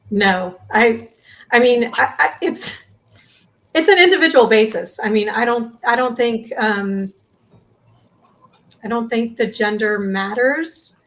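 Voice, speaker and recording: A woman's voice: fairly high pitch, slow pace, long pauses. A woman answering game show questions over a video call, hesitant with many restarts and ums. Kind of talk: casual answers.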